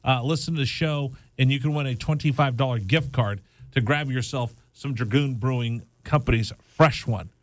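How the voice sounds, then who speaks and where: A man's voice: medium pitch, normal speed, dry recording. A man hosting a radio sports show in the studio, chatting loosely and joking as he runs down the program. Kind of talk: casual radio chat. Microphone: studio microphone.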